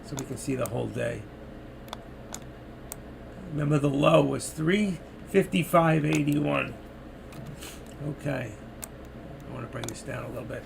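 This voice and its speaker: A man's voice: mid-range voice, measured pace, gravelly, long pauses, background noise. An older man with a New York accent, chatting through stock trades on a live stream and reading viewers' messages, losing his voice. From New York City. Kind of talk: live market commentary.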